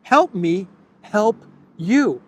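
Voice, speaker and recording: A man's voice: high-pitched, lively intonation, drawn-out words, a little hiss or hum, voice pushed up, full character voice. A man putting on the voice of a desperate male world leader, begging an ally for help in a mocking, pleading sing-song.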